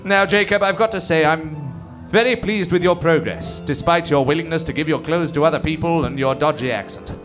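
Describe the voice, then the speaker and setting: A man's voice: a little high, brisk, hardly any pauses, faint music behind, natural voice. A man playing a pompous, bossy train captain in an improvised comedy. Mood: blustering. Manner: bossy, blustering, lively.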